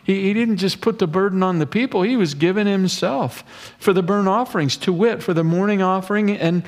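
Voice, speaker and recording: Earnest preaching man, slightly high voice. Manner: earnest, conversational preaching with folksy asides. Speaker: pastor. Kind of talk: expository sermon.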